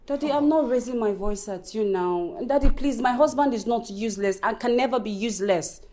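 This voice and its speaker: Brief: woman playing a tender, pleading young Nigerian wife, mellow tone, faint room noise. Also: on the high side, brisk, natural voice. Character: loving young wife torn between father and husband. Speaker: wife and daughter. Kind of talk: film drama acting.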